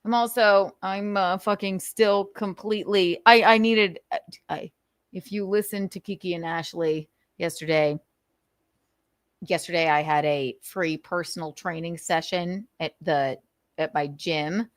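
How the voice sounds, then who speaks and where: A woman's voice: fairly low pitch, a little slow, no room sound, studio quality. A woman hosting a casual livestream, telling stories animatedly, swearing freely and laughing often. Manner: animated, profane and laughing storyteller. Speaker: livestream host.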